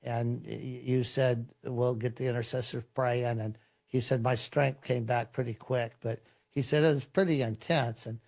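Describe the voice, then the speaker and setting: A middle-aged man, a pastor, telling stories in a relaxed, rambling way, with many fillers and restarts. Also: medium pitch, moderate pace, creaky. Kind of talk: conversational storytelling in a podcast interview.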